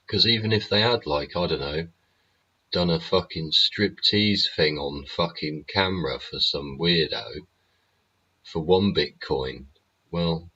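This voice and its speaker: Sweary low-voiced man hosting. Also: bright, forceful tone, slightly rough, muffled recording. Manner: sweary, chatty, laughs often. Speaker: show host. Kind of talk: casual rambling monologue. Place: home studio.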